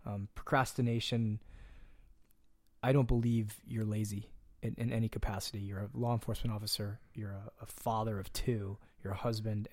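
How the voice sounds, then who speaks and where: A man's voice: fairly low pitch, darkish tone, no room sound. A man speaking as a coach in a casual podcast conversation, earnest and direct, plain-spoken with the odd curse word.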